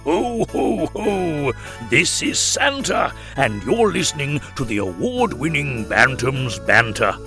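A man's voice: medium pitch, sing-song, slow, hardly any pauses. A man voicing a jolly Santa in a recorded podcast jingle, with jingle-bell music. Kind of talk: pre-recorded show jingle.

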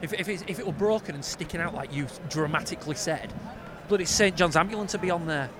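Brief: fast, dry Yorkshire co-host, nasal, outdoor mic with rain and traffic behind. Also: male voice, on the high side. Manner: skeptical, quick, dry. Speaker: podcast co-host, football fan. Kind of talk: casual banter while watching football. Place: outdoors at a rainy football ground.

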